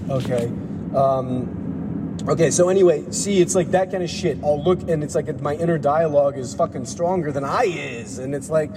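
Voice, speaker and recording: A man's voice: a little high, moderate pace. A man with a sore throat in a rambling, profane, stream-of-consciousness monologue that drifts into rhymes, recorded in a vehicle. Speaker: podcast host. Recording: reverberant with clear vehicle noise.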